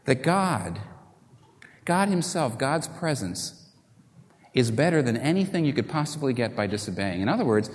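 A man preaching a sermon, swinging from loud, urgent appeals down to hushed, quiet lines. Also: mid-range voice, very animated, normal speed, big-room sound.

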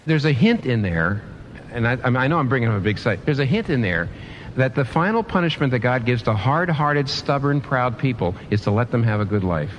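A man preaching a sermon, animated, asking his listeners rhetorical questions and often restarting his sentences. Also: medium pitch, a little fast, muffled recording, a little hiss or hum. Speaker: pastor.

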